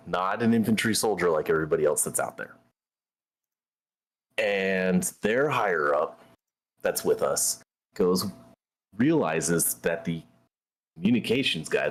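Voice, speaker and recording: A man hosting a gaming stream, telling a story in a blunt, profane, conversational way. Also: low-pitched. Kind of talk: casual storytelling while gaming.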